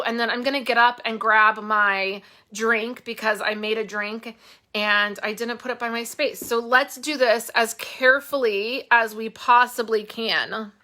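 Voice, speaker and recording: Craft-channel host, female, bright tone, heartfelt rambling chat into a phone. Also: a little high. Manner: candid, heartfelt, rambling with fillers. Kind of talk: casual live-stream chat.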